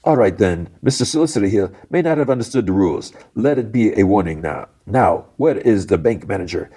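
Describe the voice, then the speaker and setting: Guy doing a smug irish bank robber boss, deep voice, drags out his words all cocky. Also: animated, a little fast, dark tone. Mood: mocking. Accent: attempted Irish. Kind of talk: recapping a show with acted quotes.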